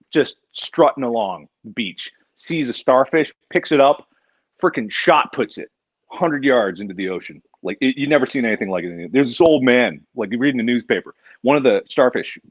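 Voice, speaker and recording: A man hosting a casual charity livestream, animated and jokey, sometimes jumping into high exaggerated outbursts. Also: moderate pace, husky, no room sound, dull audio. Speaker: livestream host.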